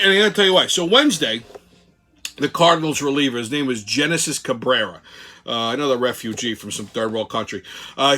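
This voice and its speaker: A middle-aged man rants about sports, swearing constantly and sounding furious. His voice sits fairly high for a man and comes across bright and forceful. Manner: angry, foul-mouthed, ranting. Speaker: sports commentary host. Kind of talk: profane sports rant.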